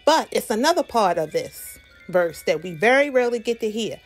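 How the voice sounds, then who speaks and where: A woman's voice: a little high, animated, moderate pace, hardly any pauses, faint music behind. A woman with a Southern accent hosting reaction commentary in a sassy, preachy way, talking straight to her viewers. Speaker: commentary host.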